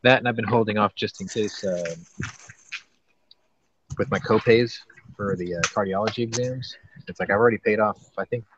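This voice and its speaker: A man's voice: lowish voice, normal speed, long pauses, a bit bright. A man hosting a casual podcast chat, rambling and profane, often restarting his sentences. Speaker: podcast host. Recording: dull lo-fi with faint noise.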